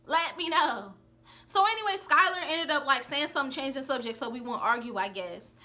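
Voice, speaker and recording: A young woman telling a personal story to her camera in a casual storytime chat, sassy and animated, acting out what others said. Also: high voice, quick pace. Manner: sassy, animated, acts out the quoted lines.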